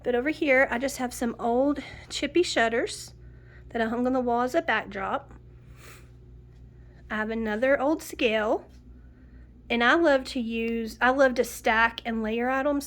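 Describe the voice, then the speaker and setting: A woman's voice: on the high side, measured pace, long pauses. A middle-aged woman giving a chatty home tour, nasal and sniffling from a cold. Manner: chatty, homey, lists items one by one. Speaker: home decor vlogger. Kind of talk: casual home tour narration.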